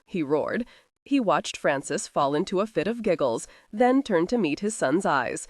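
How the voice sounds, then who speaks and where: Woman audiobook narrator, low-set voice, very lively inflection. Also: no echo, clean studio sound. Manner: expressive storytelling. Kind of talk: scripted narration.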